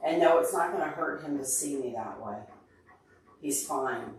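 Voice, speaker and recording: A man's voice: fairly high pitch, moderate pace, slight background noise. A man hosting a casual livestream, upset and teary, earnestly answering viewers by name. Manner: emotional, earnest, openly tearful. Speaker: livestream host answering chat. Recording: very echoey room, far from mic.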